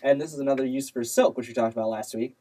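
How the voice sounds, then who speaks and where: This is a man talking in an easygoing group chat, walking his friends through facts with a teasing, playful edge. His pitch sits at an ordinary middle level. He sounds relaxed and conversational, like a host who enjoys the topic. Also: fast, slight background noise, low-quality recording. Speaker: podcast host explaining spider facts. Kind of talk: casual chat.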